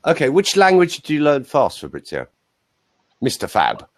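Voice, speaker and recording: A man's voice: a little high, normal speed, no room sound. A man working as a voice coach, chatting casually and telling rambling anecdotes full of asides. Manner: animated storyteller, rambling asides.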